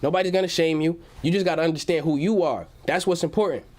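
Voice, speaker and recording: A man's voice: on the high side, quick pace, a little mellow. Hyped young man hosting a livestream. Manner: hyped, slangy, reads chat messages aloud. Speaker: livestream host. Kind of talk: casual livestream chat. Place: at home.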